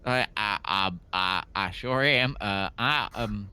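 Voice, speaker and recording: A man's voice: fairly low pitch, takes it slowly, sharp tone, clean tone. A man playing a tabletop game, stammering and mumbling through his turn with lots of fillers. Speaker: player. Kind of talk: casual tabletop game play.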